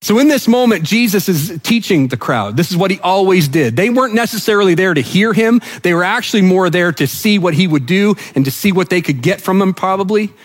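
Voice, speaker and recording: A man's voice: high-pitched, fairly quick, few pauses. A man from New Brunswick, Canada, preaching a sermon as pastor, telling the story vividly and acting out the quotes. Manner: animated storytelling preacher, acts out quotes, drops to soft emphasis.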